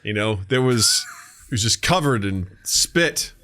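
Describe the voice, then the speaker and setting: Animated man retelling workplace stories. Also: medium pitch, measured pace. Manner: animated storytelling, acting out quoted bosses and workers; swears freely. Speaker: podcast co-host. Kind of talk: casual chat.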